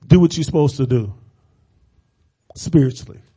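A middle-aged male preacher delivering a sermon, moving from casual asides to fervent, repeated call-and-response shouting. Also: medium pitch, normal speed, breathy edge. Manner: repeats phrases for emphasis, casual conversational asides.

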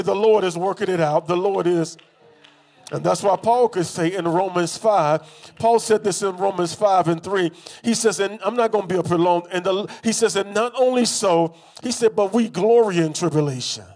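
High-voiced preacher leading a call-and-response sermon. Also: male voice, moderate pace, darkish tone. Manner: call-and-response, has congregation repeat phrases; rhythmic repetition, rising to emphatic bursts.

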